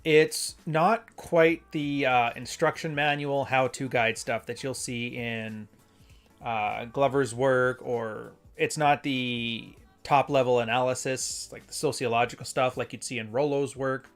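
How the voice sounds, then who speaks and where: A man's voice: medium pitch, fairly even intonation, unhurried, faint music behind. A man hosting a casual solo show, talking in a loose, rambling way and reading passages aloud. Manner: rambling, conversational, self-correcting. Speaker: podcast host.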